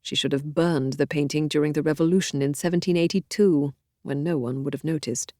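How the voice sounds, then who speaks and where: Brief: audiobook narrator, woman, low and dark voice, dry close studio sound, measured and expressive. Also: no room sound. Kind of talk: scripted narration of a historical novel.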